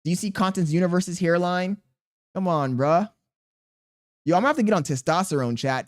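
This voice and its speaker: A man's voice: high voice, brisk, pauses often. Slangy, profane male streamer. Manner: profane, joking banter with chat; slangy and animated. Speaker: live streamer. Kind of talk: casual live-stream chat, reading chat aloud.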